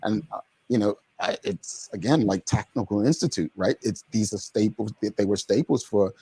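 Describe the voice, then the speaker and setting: A man's voice: on the low side, moderate pace, mellow, husky, no room sound. A man, co-hosting a talk show in casual chat, often restarting his words. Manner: chatty, with frequent repeated starts.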